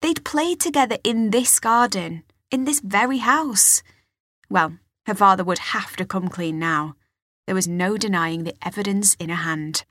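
A woman reads a novel aloud in a measured, expressive way, with a breathy, husky tone. She speaks close to the mic in a dry, dead room. Her pitch sits in the middle of the range. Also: dry recording. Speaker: audiobook narrator. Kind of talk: scripted narration.

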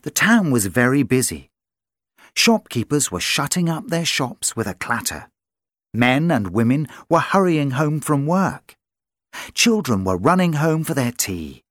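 A storyteller reading a children's story aloud in an animated, sing-song way. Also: medium pitch, measured pace, no room sound, clean studio sound.

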